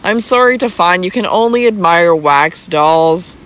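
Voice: medium pitch, lively intonation, a little slow, a bit bright. The reader doing a snappish young lady. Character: sharp-tongued young lady, impatient.

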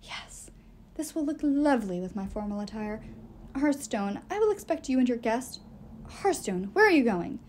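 A woman's voice: fairly high pitch, sing-song, moderate pace, darkish tone, a little hiss or hum. A woman voicing a pompous, greedy elderly male elf lord who talks in a haughty, commanding way. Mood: gloating.

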